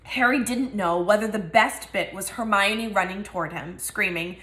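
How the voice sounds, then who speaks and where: A woman's voice: mid-range voice, normal speed, fairly bright tone, reverberant. A woman reading a novel aloud and giving each character a voice. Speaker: reader.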